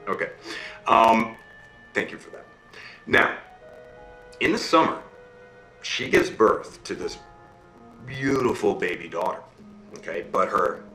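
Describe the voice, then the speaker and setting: In a rough, roomy recording, a male storyteller with a fairly low voice animatedly narrates a fairy tale. He keeps checking in with his listeners, asking "okay?" and "right?"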